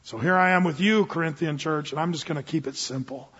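A male pastor preaching a sermon in a lively, animated way, acting out Bible figures in quick asides. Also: a little high, slightly rough. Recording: lo-fi sound in a hall with long reverb.

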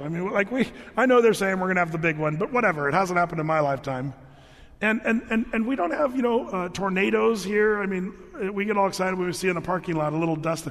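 A man's voice: sits high, expressive, fast. A middle-aged man preaching a sermon as a pastor, in a conversational, storytelling way with frequent restarts. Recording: long reverb of a large hall.

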